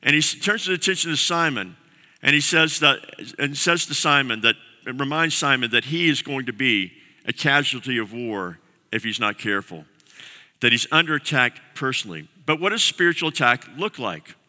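A man's voice: mid-range voice, lively intonation, normal speed, sharp tone. A man preaching a sermon as pastor, earnest and repeating key phrases for emphasis. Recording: long reverb of a large hall.

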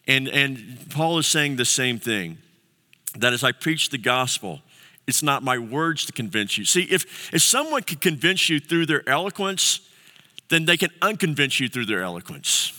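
A man's voice: mid-range voice, big pitch swings, normal speed, bright, forceful tone. Man preaching in a reverberant hall. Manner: conversational, many fillers and restarts. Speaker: pastor. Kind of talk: sermon.

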